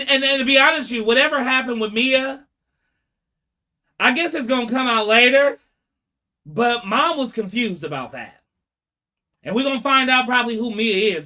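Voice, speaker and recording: A man giving casual, dramatic commentary, talking straight to his viewers and acting out the people he quotes. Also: extremely high pitch. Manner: animated and dramatic, acts out quotes, talks to viewers directly. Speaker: commentary vlogger. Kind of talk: casual commentary retelling court testimony.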